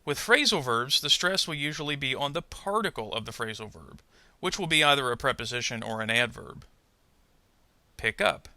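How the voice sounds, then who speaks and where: A man narrating a pronunciation lesson, speaking carefully and modelling example words slowly. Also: medium pitch, lively intonation, pushed and bright, dry recording. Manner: slow, careful, modelling word stress. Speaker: ESL pronunciation teacher. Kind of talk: scripted instructional narration.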